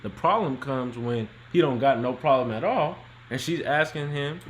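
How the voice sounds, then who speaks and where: A man's voice: mid-range voice, moderate pace, few pauses, a little hiss or hum, rough recording. A man co-hosting a podcast, laid-back and colloquial, reading out and discussing relationship questions. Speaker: podcast co-host. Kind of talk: casual relationship advice chat.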